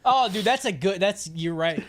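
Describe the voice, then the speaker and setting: A man's voice: sits high, lively intonation, moderate pace, very noisy. A man co-hosting a casual podcast, reacting with enthusiasm and laughter. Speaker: podcast co-host. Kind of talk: casual chat.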